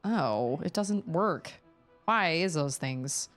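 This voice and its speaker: A woman streaming a video game, chatting casually and rambling through a story in an animated way. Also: low voice, takes it slowly, soft background music. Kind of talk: casual chat while gaming.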